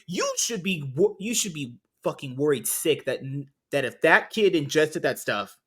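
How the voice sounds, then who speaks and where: A man's voice: a little high, animated, moderate pace, few pauses, a bit bright, husky. A man hosting a podcast, ranting angrily with heavy profanity. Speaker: podcast host. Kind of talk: heated commentary chat.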